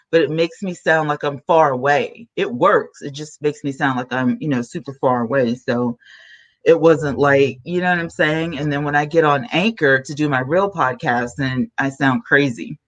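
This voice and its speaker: A woman hosting a podcast, chatting casually with her viewers in a soft, low-key voice while she snacks at her home desk. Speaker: podcast host. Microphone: new desk mic.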